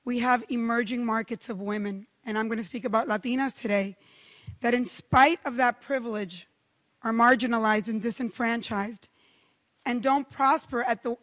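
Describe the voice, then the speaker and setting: A middle-aged Cuban woman with a high voice gives a keynote speech, telling stories with lively pacing and emphatic pauses. Her voice echoes through a large hall with long, lingering reverb, and the high frequencies are cut off.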